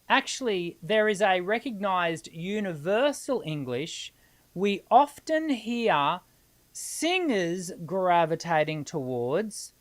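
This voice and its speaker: An Australian woman teaching singing on a live stream, answering viewers' questions. She explains in an animated way and laughs easily. Her speaking voice sits a little low for a woman.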